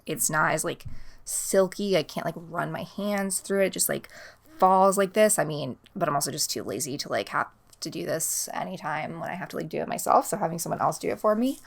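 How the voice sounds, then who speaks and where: A woman's voice: sits low, brisk, gravelly. A young woman hosting a book podcast in a casual, rambling chat full of fillers. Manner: chatty, rambling, many fillers like "um" and "like". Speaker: podcast host. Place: home in Los Angeles.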